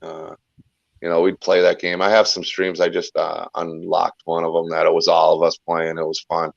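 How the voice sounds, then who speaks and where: A man's voice: low-pitched, completely flat delivery, normal speed, gravelly, no room sound. A man talking as a guest in a casual chat, rambling and talkative, often restarting his sentences. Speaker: guest, filmmaker and YouTuber. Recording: dull lo-fi sound.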